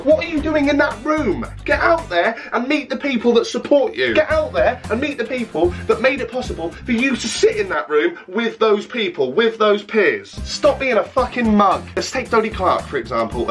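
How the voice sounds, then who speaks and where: A man's voice: sits high, fairly bright tone. A young man delivering a blunt, sweary, sarcastic vlog rant. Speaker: YouTuber. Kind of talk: ranting vlog.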